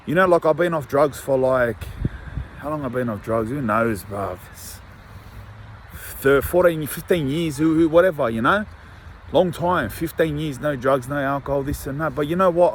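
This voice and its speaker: A man's voice: a little high, low-quality recording. A middle-aged man talking candidly in a park in the rain, rambling with lots of fillers and swearing. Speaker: vlogger. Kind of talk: casual unscripted monologue to camera. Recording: faint outdoor street and traffic noise.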